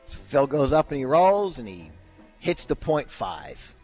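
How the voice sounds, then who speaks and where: Man telling a lively story on radio. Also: fairly high pitch, takes it slowly, long pauses, faint music behind. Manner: animated, acts out quoted lines. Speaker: radio show host. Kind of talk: casual storytelling chat.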